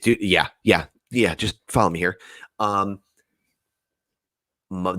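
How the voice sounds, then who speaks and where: A young New Jersey man with a deep, low voice spins a rambling story in casual chat, voicing the other people's lines, cursing freely and keeping things lively. The audio is close and dry, with no room sound or echo.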